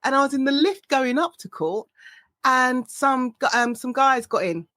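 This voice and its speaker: A woman with a South East London accent, hosting a podcast and telling stories in a relaxed, animated way. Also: sits high, moderate pace, dry recording. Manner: animated storytelling with laughter. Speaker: podcast host. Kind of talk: casual conversation.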